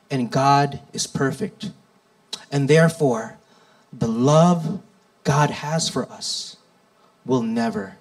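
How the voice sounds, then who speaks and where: A man preaching a sermon, reading scripture with slow, deliberate delivery and dramatic rises and drops. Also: on the high side, creaky, rough recording.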